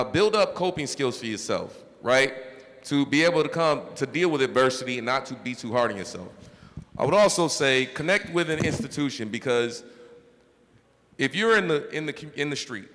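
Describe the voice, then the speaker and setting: In a large school hall, a mayor in his thirties earnestly encourages young people at a town hall, often checking in with "right?". His voice sits at medium pitch and sounds a bit bright, with echoey hall reverb around it.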